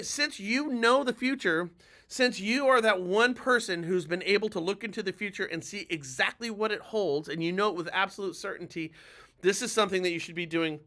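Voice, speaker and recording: Bright, high-voiced man giving an urgent pep talk. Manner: emphatic and urgent, blunt with mild swearing. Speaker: mortgage lender and show host. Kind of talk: live-streamed coaching talk.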